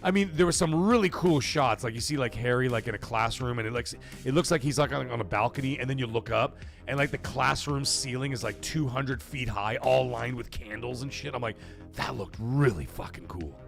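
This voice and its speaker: A man's voice: mid-range voice, a little fast, creaky, hardly any pauses, soft background music. A man hosting a livestream, chatting casually and profanely in a rambling way while reading chat messages. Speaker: livestream host.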